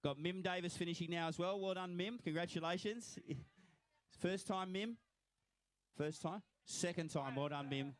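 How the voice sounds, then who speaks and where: An Australian man doing live finish-line commentary, cheering on each swimmer as they come in. His voice is fairly high and smooth. The sound is close and dry, with no room in it. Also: moderate pace, dry recording. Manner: cheery, congratulating swimmers by name.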